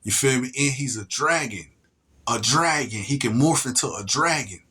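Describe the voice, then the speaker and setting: Husky-voiced man rambling slowly. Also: medium pitch, bright, forceful tone. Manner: repeats "you get me?" often, stammers and restarts; slow, drawn-out emphasis on single words. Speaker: solo video monologue speaker. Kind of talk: rambling casual monologue.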